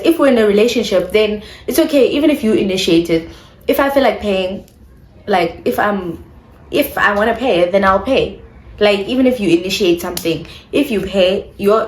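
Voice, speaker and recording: A young woman with a South African English accent chats straight to her viewers. Her voice sits at a middle pitch, and she drops in isiXhosa words as she goes. The sound carries some room echo. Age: young adult. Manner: chatty, addresses viewers, mixes in isiXhosa phrases. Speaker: vlogger. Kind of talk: casual storytime.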